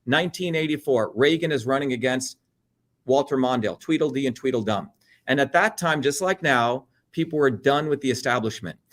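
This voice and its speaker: A middle-aged Indian man speaks at a medium pitch, fairly quickly, with a fairly bright tone. He's an interview guest in a heated political discussion, blunt and animated, swearing freely and mimicking other people.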